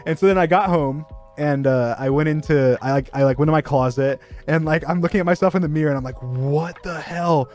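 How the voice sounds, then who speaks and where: Soft music plays as a young streamer races through a long, self-mocking story, rambling with lots of fillers and laughing along the way. He speaks fast with few pauses, in a fairly high, darkish voice.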